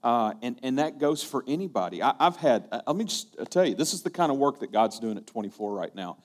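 A man's voice: medium pitch, very animated, a little fast. A male pastor preaching a sermon, telling a story earnestly and often repeating his words.

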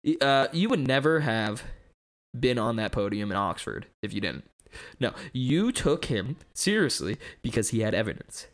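A man's voice: medium pitch, big pitch swings, normal speed, pitched below the performer's own voice, natural voice. A young man performing a fiery skeptic lecturing a bishop in a dramatic monologue, with impassioned, rhetorical delivery. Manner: impassioned, rhetorical, escalating rants.

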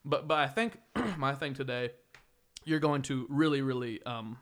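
Dude hosting a podcast, rambles thru stories, keeps laughing, regular mid voice. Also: male voice, medium pitch, normal speed, a bit bright. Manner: rambling storyteller, laughs often mid-sentence. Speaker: podcast host. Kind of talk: casual podcast chat.

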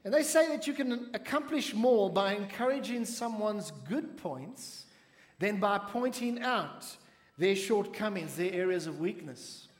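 A man preaching a sermon to a congregation, speaking in measured phrases and asking the audience to respond. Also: sits high, expressive, echoey room, big-room sound. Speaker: pastor.

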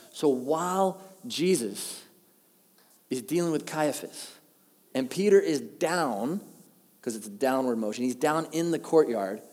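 A man preaching a sermon, telling the story with animated delivery and acting out the quoted lines. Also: medium pitch, unhurried. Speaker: pastor. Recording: long hall reverb.

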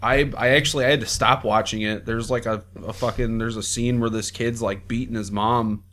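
A man's voice: mid-range voice, steady tone, a bit bright. Enthusiastic profane man, mid voice. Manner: enthusiastic, profane, quick agreement. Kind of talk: casual chat.

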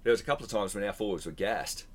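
Man, low pitch, casual sports podcast co-host, chatty. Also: very fast. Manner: chatty, reels off player lists.

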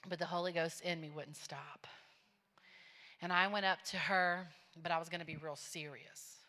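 A woman preacher giving a testimony sermon, telling her story plainly and rising into loud, fervent preaching. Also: fairly low pitch, steady tone, moderate pace, in a large hall. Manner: storytelling, drops to a hush, then builds to loud preaching.

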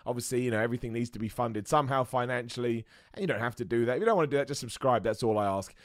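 A man hosting a wrestling show, chatting excitedly and poking fun at himself. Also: mid-range voice, racing, no room sound, studio quality. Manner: chatty, excitable, self-mocking with laughs. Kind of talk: casual commentary and super chat reading.

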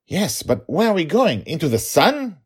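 A man's voice: fairly high pitch, sing-song, normal speed, breathy edge, pitched above the performer's own voice, heavily acted. A man doing a goofy forgetful dad. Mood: teasing. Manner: playful, teasing, absent-minded. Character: goofy forgetful father, teasing.

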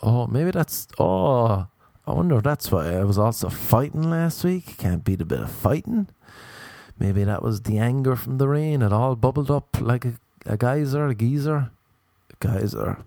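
A man's voice: mid-range voice, expressive, normal speed, creaky, dark tone, no echo. A young Irish man telling a rambling comic story, ranting with exasperation and swearing. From Ireland. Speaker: stand-up comedian.

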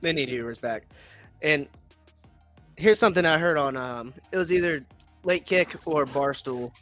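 A man's voice: a little high, normal speed, a bit bright, faint music behind. A young man hosting a casual sports podcast, talking in a blunt, profane, rambling way. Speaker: podcast host.

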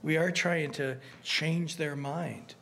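Pastor preaching in a raised voice. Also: male voice, a little high, slow, creaky, slight background noise. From United States. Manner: earnest, animated, frequent restarts and asides. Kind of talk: conversational sermon.

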